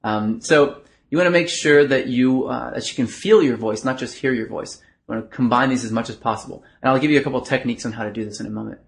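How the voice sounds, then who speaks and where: Man coaching, shifting to a low chest voice. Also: quick pace, creaky, few pauses. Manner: shifts between a bright throat voice and a low, soft chest voice; earnest, explanatory, with filler words. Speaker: dating coach. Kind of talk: instructional video monologue.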